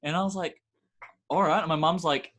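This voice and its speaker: A man co-hosting a casual podcast, speaking in a voice a little higher than most men's. He tells stories with animation and acts out the voices of the people he quotes. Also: fairly even intonation, a little fast, a bit bright. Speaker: podcast co-host. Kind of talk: casual chat.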